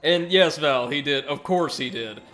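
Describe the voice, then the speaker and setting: A man with a slightly high voice hosts a let's play at a normal pace, with soft music in the background. He chats casually and reacts to viewers as he plays, often correcting himself mid-sentence. His manner is chatty and excitable, and the talk is casual gameplay commentary mixed with reading chat.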